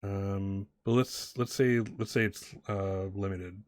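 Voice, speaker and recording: A man's voice: sits low, steady tone, slow, darkish tone, no room sound, studio quality. A man narrating a tabletop game as game master, rambling with many fillers and restarts.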